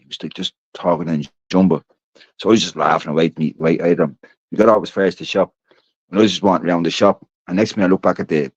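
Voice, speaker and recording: A man's voice: deep voice, no echo. A man hosting a podcast, chatting casually, swearing and telling rambling stories. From Ireland. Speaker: podcast host. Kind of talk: casual chat. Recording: dull, dry sound.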